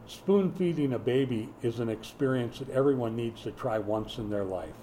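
Middle-aged male pastor, sermon delivery, warm mellow tone, storytelling with humor. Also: medium pitch, moderate pace, a little hiss or hum, poor audio.

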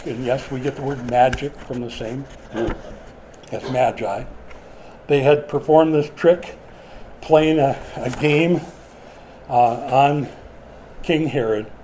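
A man's voice: on the high side, dark tone, slight background noise, poor audio. A middle-aged man preaching a sermon in a conversational way, asking the congregation questions as he goes. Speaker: pastor.

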